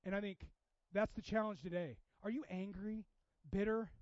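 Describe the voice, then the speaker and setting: Male pastor, high voice, chatty sermon delivery, loud pushes and hushed asides, dull dry recording. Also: steady tone, moderate pace, dry recording. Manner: conversational, swinging from loud exhortation to hushed asides.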